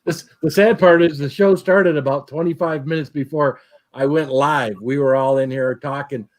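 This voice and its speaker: A man's voice: fairly high pitch, steady tone, moderate pace. A man hosting a casual livestream, greeting viewers by name and chatting. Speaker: livestream host.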